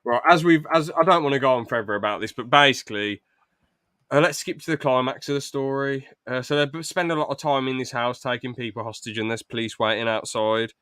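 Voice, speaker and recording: A young man hosting a podcast, pitching a film script in a rambling, stop-start way with lots of fillers. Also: brisk, sharp tone, clean tone, dry recording, studio quality. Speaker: podcast host. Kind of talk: casual podcast chat, reading out a film pitch.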